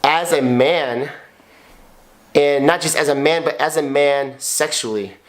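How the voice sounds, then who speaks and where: A man's voice: on the high side, a little slow. A man in his thirties co-hosting a couple's podcast, talking in a raw, confessional way, blunt and emotional, cursing often and repeating himself. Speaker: podcast co-host, husband.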